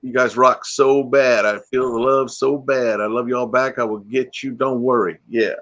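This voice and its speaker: A man's voice: medium pitch, fairly even intonation, normal speed, fairly bright tone. A man hosting a casual live stream, chatting loosely and answering viewer comments while still a bit groggy from waking up. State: groggy, freshly woken.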